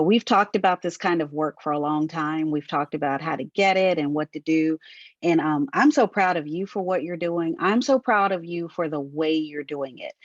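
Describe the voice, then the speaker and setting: Woman guest, low voice, affirming and praising, dry lo-fi audio. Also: no echo. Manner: warmly affirming, repeats praise. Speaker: guest and team member. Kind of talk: interview conversation.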